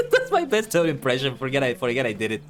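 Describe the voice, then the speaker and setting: A man's voice: mid-range voice, huge pitch swings, fast talker, a bit bright, faint music behind. A man streaming a game, chatting casually in a rambling way and tripping over his words. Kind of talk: casual gameplay commentary.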